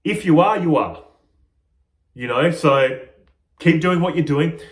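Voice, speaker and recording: A man's voice: on the high side, unhurried, echoey room. A man speaking as a spiritual teacher in a reflective monologue, playful and often laughing at himself.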